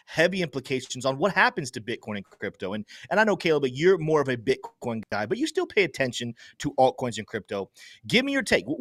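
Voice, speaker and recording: Dude hosting a stream, rambly questions, average pitch, dry mic. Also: male voice, fairly bright tone, no room sound. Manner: chatty, stacks several questions, frequent restarts. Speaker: host. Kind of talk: casual livestream talk.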